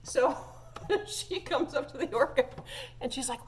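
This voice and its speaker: A woman's voice: sits high, unhurried, a little hiss or hum. Chatty woman organist telling a church story. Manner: chatty, laughs often, many fillers. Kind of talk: casual anecdote to viewers.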